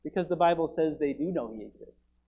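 Male pastor, high-pitched, preaching with sharp swings between forceful peaks and quiet drops. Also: fairly quick, husky, dull audio. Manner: swings from loud urgent preaching to quiet, low asides. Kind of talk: sermon.

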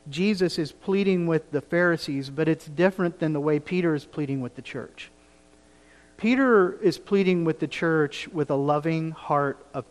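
A man's voice: fairly high pitch, long reverb tail. A male pastor preaching a sermon in an earnest, pleading manner, pressing his points with rising emphasis. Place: church sanctuary.

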